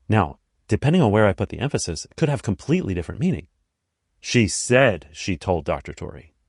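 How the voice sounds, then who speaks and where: A man hosting a podcast, talking through a motivational monologue in a deliberate, emphatic way and repeating phrases for stress. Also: low-pitched, darkish tone, no room sound, studio quality. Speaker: podcast host.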